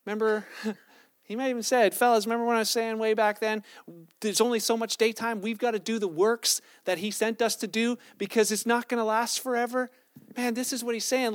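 Man, pastor, casual storytelling sermon, high voice, dry close sound. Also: fairly bright tone, no echo. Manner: conversational storytelling preaching, self-correcting.

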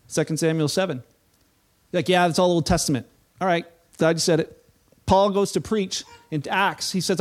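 High-voiced man preaching a sermon. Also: normal speed. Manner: conversational and playful, acting out quoted voices. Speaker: pastor. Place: church.

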